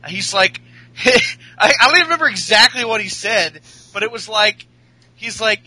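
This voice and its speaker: A man's voice: high voice, animated, moderate pace, bright, forceful tone, dry recording, poor audio. A man hosting a casual podcast chat, rambling and swearing as he recaps a show. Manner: rambling, profane, laughing. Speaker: podcast host.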